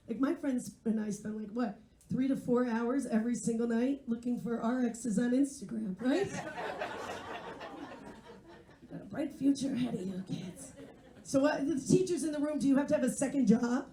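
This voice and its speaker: Woman, forties, stand-up comedian, high voice, wry banter, echoey room. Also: brisk, dark tone. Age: 40s. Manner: wry, self-mocking, chatty with the crowd. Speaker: stand-up comedian and English teacher. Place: live comedy venue.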